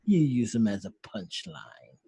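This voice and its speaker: A hard-nosed, defiant colonel who pushes his words out and then drops low, as a man recites him. The voice is somewhat husky and dry, with nothing of the room around it. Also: sing-song, measured pace, mellow, dry recording, full character voice. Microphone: video call.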